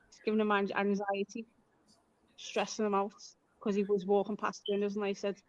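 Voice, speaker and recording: Speaking a little fast with a completely flat delivery and medium pitch, this Liverpool-accented woman from Liverpool, England is a chatty storyteller on a live stream. She acts out the lines she quotes, and the recording has a dull, lo-fi quality.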